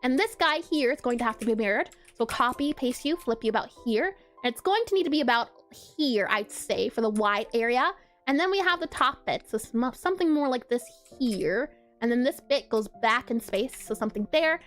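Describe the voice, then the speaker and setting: A woman's voice: on the high side, animated, brisk, a bit bright, faint music behind. A woman streaming pixel art, chatting casually and bubbly as she draws, laughing often and answering her chat. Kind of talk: casual live-stream chat while drawing.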